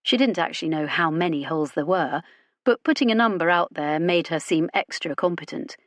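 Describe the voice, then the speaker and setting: Narrator: woman, lowish voice, wry even delivery, dry close recording. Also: fairly quick, dry recording. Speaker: audiobook narrator. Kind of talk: scripted narration.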